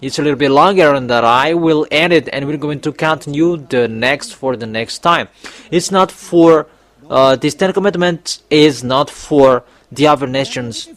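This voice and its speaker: A man delivers a sermon in a somewhat high voice. He is emphatic and repeatedly pushes up into loud, insistent exhortations. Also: moderate pace. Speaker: preacher.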